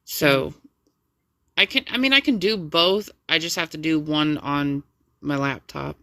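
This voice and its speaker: A woman's voice: sits low, measured pace, sharp tone, no room sound, clean studio sound. A woman co-hosting a live stream in easygoing, reassuring casual chat. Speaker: stream co-host and moderator.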